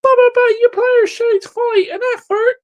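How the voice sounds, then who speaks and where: A man putting on a mocking, shrill voice for an imagined critic who keeps stammering objections. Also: fairly even intonation, unhurried, muffled recording. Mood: whiny. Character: whiny high-voiced nagging critic, defensive.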